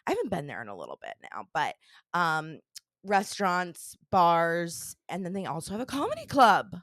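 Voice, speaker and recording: A woman's voice: lowish voice, wildly swooping pitch, normal speed, a bit bright, no room sound, studio quality. A woman in her thirties hosting a comedy podcast, chatty and rambling, laughing often. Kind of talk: casual podcast chat.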